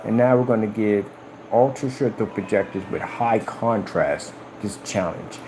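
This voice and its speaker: A man talking casually on a live stream about his company's products, boastful and animated, often acting out conversations in a raised voice. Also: a little slow, background noise. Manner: animated, boastful, retells conversations in high-pitched quoted voices.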